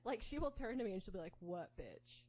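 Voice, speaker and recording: A woman's voice: on the high side, expressive, rapid-fire, darkish tone, rough recording. A woman co-hosting a casual chat, talking playfully with lots of laughter and filler words.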